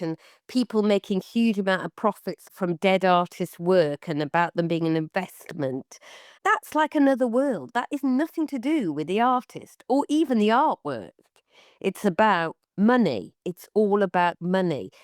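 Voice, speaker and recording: A woman's voice: medium pitch, darkish tone, dry recording, clean studio sound. A woman co-hosting an art podcast in casual chat, talking animatedly and mimicking other people's voices. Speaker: podcast co-host.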